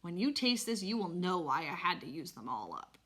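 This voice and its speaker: A woman's voice: fairly low pitch, sing-song, normal speed, a bit bright. A woman voicing a cheerful, proud father who talks in a hearty, coaxing way. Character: cheerful, proud father cooking for his sons.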